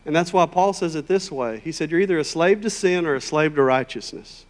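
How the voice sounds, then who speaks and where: Emphatic male preacher in a reverberant hall. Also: brisk. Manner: emphatic, conversational, rising to loud high peaks. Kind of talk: sermon.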